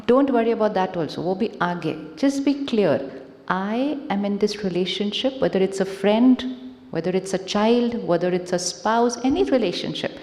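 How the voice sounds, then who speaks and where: A woman with an Indian accent giving a calm spiritual talk, asking questions of a live audience and slipping in Hindi phrases. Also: medium pitch. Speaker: spiritual speaker. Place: large conference hall. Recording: echoey hall, long reverb.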